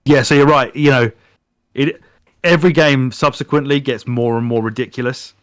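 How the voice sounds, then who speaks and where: Animated swearing podcast co-host, a man. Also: mid-range voice, moderate pace, no echo, clean studio sound. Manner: animated, swears freely, laughing retelling. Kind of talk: casual chat. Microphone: podcast microphone.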